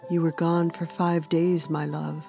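A woman's voice: sits low, flat delivery, unhurried, creaky, soft background music. Woman voicing a sober male warrior. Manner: gentle, sober. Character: sober young male elf warrior, protective lover.

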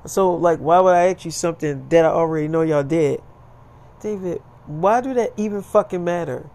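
A woman's voice: fairly low pitch, moderate pace, darkish tone, lightly acted. A man voicing a young woman who pleads with him and speaks crudely. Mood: clingy. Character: young woman girlfriend, clingy and frank.

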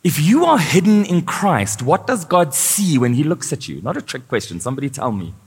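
A man's voice: a little high, very animated, normal speed, husky. A male pastor preaching a sermon, asking his congregation questions as he goes. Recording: live church sound with long reverb.

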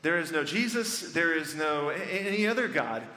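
A man preaching a sermon as pastor, telling the story with animated excitement, in a church sanctuary. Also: fairly high pitch, normal speed. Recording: echoey church hall with reverb, faint ambience.

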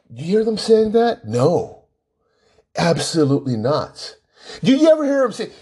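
A man's voice: a little high, a little mellow, slightly rough. A man giving an indignant political monologue full of rhetorical questions and sarcasm. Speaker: political commentator. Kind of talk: opinionated monologue.

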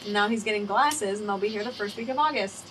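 A woman's voice: medium pitch, fast talker, a bit bright, rough recording. Rambling, swearing young woman podcaster. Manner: rambling, swears freely, acts out quoted voices. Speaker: podcast host. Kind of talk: casual chat. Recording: faint background noise.

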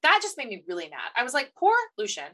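A woman co-host tearing into a book in casual chat. Her voice sits a bit high and sounds bright and forceful. She rants with animated energy and slips into mocking character voices. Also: fast. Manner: animated, ranting, acts out characters in quotes. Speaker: podcast co-host.

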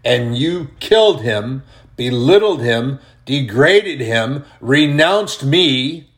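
A man voicing God on his throne, judging the wicked in a booming, accusing voice with a string of rhetorical questions. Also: lively intonation, takes it slowly. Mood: stern, accusing.

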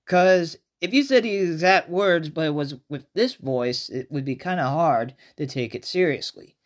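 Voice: medium pitch, normal speed, hardly any pauses. A podcast host giving a casual movie review in a chatty, rambling way, often restarting sentences. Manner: rambling, self-interrupting, chatty.

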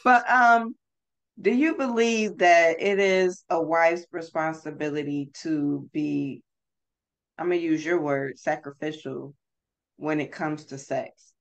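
A podcast host who asks measured questions and gives brief affirmations. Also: mid-range voice, fairly even intonation. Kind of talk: casual interview talk.

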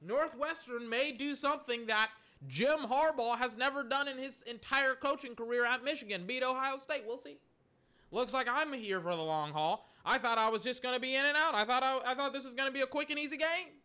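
Young guy rambling through live game reactions, high bright voice, gets all worked up and exasperated. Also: brisk, smooth. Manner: excitable, rambling, exasperated asides.

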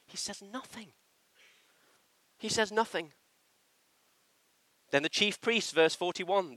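Man, preacher, sermon, fairly high voice, bright, emphatic, dry close sound. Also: slow, pauses often, dry recording. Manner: animated, emphatic delivery with acted quotations. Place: church.

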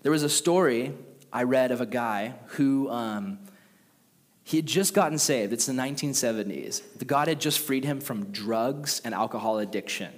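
A young man preaching a casual youth sermon who tells stories with lively voices for the characters. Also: normal speed, long reverb tail. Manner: animated storytelling, acts out characters with jumps in pitch. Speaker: youth pastor.

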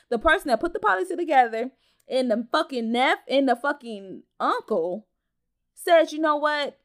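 High-voiced woman ranting on her podcast. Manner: profane, animated, talks straight to listeners as y'all. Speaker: podcast host. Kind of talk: casual storytime rant.

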